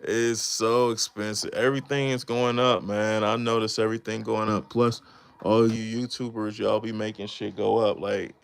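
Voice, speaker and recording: Man, 30s, low gravelly voice; loose, slangy live-stream banter with frequent laughs. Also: level tone, moderate pace. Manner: laid-back slangy rambling, laughs often. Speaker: beatmaker streamer. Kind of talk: casual live-stream chat.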